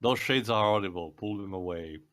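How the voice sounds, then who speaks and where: A man's voice: fairly low pitch, a little fast, fairly bright tone. A man making wry, sarcastic quips during a casual movie commentary. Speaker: commentary group member.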